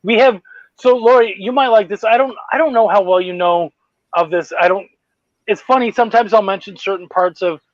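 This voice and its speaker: A Canadian man hosting a casual podcast chat, excitable and swearing freely as he talks. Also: sits high, fairly quick, no echo, muffled recording. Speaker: podcast host.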